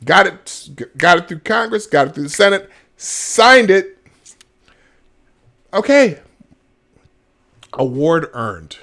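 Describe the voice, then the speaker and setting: A man's voice: high voice, sing-song, takes it slowly, gravelly, pauses often, fairly bright tone. A middle-aged man hosting a live show, giving emphatic commentary with laughs. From Minnesota, United States. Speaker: host. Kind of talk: animated commentary.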